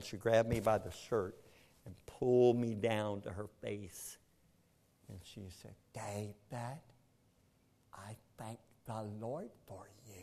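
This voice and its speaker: A man's voice: mid-range voice, a little mellow. A man, telling a personal story in an earnest, plainspoken way. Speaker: speaker telling his story. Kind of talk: personal testimony.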